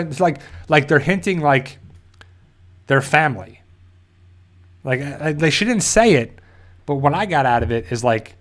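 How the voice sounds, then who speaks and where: A man hosting a TV review channel, casually recapping an episode in a rambling way, full of fillers and quick quoted lines from the characters. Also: a little high, expressive.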